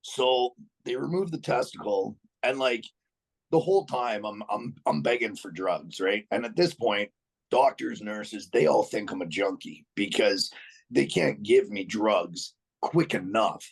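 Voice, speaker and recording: On a low-quality recording, a podcast guest with a lowish, husky voice and vocal fry tells a story in an animated, unhurried way. He is casual and blunt, swears freely, often restarts his sentences, and chuckles along the way.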